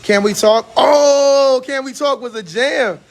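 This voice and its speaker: A man hosting a casual barbershop chat, telling animated stories and laughing often. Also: very high-pitched, slow pace. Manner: laughs a lot, animated storytelling. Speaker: host.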